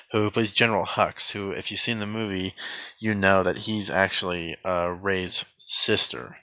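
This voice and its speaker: Deadpan sarcastic man reviewing a film. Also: deep voice, no room sound. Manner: deadpan, rambling with fillers and restarts. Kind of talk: sarcastic mock movie review.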